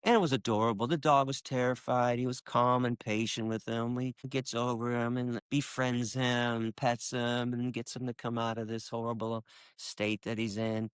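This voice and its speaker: A man's voice: flat delivery, normal speed, clear, resonant tone, no room sound, clean studio sound. A man, an animal rights activist, speaking passionately in an interview and telling stories in an emphatic way. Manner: emphatic, acts out quoted dialogue with sharp jumps in pitch. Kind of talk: impassioned conversational storytelling. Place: lives in Michigan.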